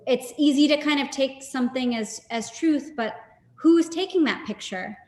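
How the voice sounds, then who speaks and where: A woman's voice: high-pitched, moderate pace, darkish tone. Thoughtful woman in an echoey room. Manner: thoughtful, hesitant, with many fillers. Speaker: gallerist. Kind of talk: live-streamed conversation. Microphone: video call. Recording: echoey room with long reverb.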